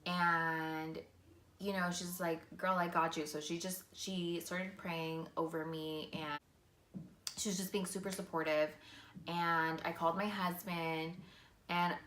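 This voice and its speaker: A woman vlogger speaks in a fairly low but bright, forward voice, telling her own story casually and earnestly. Her talk is loose and full of fillers. The room around her rings with a noticeable echo. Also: little pitch movement, slow. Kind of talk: personal storytelling.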